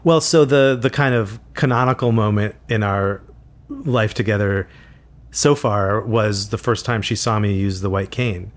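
A man with a fairly low voice talks through his experiences in an interview. He is reflective and unhurried, stopping and restarting his sentences as he searches for the right words. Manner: thoughtful, halting, with frequent restarts. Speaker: author guest.

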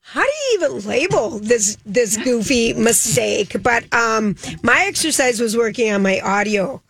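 Chatty animated woman co-host. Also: a little high, creaky, slightly rough, dry recording. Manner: chatty and animated, quick to laugh. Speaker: radio co-host. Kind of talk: casual chat.

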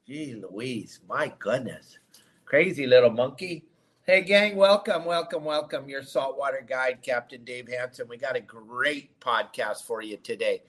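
A man hosting a live fishing show, chatty and excitable, greeting viewers loudly. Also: mid-range voice, unhurried. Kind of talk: casual live-stream chat.

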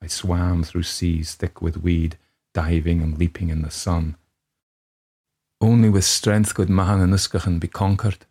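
A man's voice: low-pitched, little pitch movement, unhurried, dark tone, slightly rough, heavily acted. A man reading a ghost story aloud as a grave first-person narrator, putting on a Scottish accent. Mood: sombre. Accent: put-on Scottish. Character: brooding Scottish man telling his tale.

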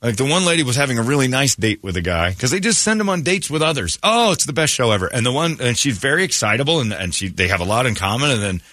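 A man's voice: medium pitch, very animated, fast, hardly any pauses, bright, forceful tone, no echo. A man hosting a morning radio show, chatting casually and acting out quotes in raised voices as he tells a story.

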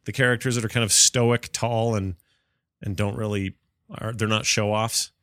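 A man's voice: fairly low pitch, steady tone, normal speed, fairly bright tone, no room sound. Rambling man on a dry studio mic. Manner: rambling, enthusiastic, lots of fillers and restarts. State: sneezy, coughing from allergies. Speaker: podcast co-host. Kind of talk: casual gaming podcast chat. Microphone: studio mic with cough switch.

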